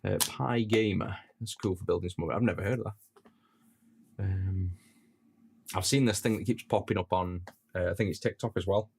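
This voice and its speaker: This streamer repairs retro consoles, soldering as he talks in a relaxed, rambling way and responds to his chat. He has a Stoke-on-Trent (Potteries) accent and a low voice with vocal fry, normal speed and long pauses. The low-quality recording has slight background noise.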